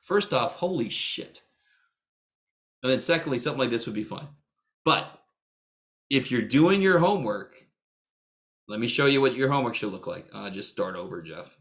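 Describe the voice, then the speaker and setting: A man's voice: mid-range voice, lively intonation, normal speed, long pauses, a bit bright. A middle-aged man runs a math lecture over a video call. His delivery is casual and joking, full of blunt asides and casual swearing. He ribs students by name as he walks them through each step. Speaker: math instructor.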